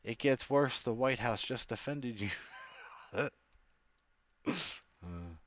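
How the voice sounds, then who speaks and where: A man's voice: medium pitch, expressive, slow, dull audio. A man ranting casually in a reaction video, rambling and slangy. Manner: rambling, slangy, keeps saying bro. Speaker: commentator.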